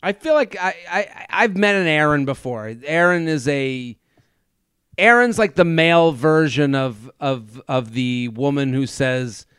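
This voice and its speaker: A man co-hosting a casual reality-TV recap podcast, talking in animated bursts with frequent restarts. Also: on the high side, clear, resonant tone, dry recording. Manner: animated, stumbling restarts, mimics people in quick asides. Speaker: podcast co-host. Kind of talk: casual chat.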